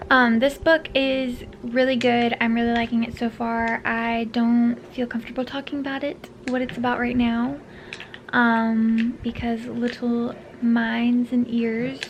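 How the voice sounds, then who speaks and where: A tired, yawning woman chats casually to camera as a book vlogger, rambling with plenty of fillers and the occasional whispered aside. Her voice is fairly high, level in tone and unhurried, with slight background noise.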